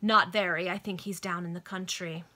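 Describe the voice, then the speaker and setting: A woman voicing a polite, brisk waiter in a pub. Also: fairly low pitch, steady tone, pushed and bright. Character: pub waiter, familiar young man.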